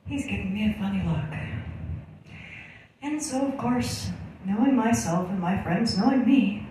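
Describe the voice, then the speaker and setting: A woman's voice: medium pitch, mellow, slight background noise. A woman telling a crude, sarcastic stand-up story in a blunt way. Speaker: comedian. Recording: echoey room from far off.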